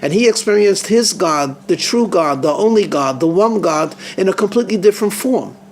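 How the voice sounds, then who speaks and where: A rabbi with a high voice tells a story in an earnest, halting way, often repeating himself as he searches for his words. A faint hum runs under the recording the whole time. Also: animated. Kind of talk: storytelling sermon.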